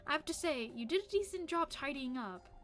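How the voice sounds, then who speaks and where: A woman reading game dialogue in a lower, dry voice as a gruff, sharp-tongued young village woman. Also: animated, fairly quick. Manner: curt, dry and grumbling.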